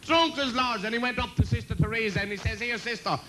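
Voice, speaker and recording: A comedian rattles through bawdy jokes on a club stage and laughs at his own punchlines. His voice is high and bright, with a cheeky edge. A faint hiss sits behind him. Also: quick pace, rough recording. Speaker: comedian and compere. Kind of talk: live bawdy stand-up jokes.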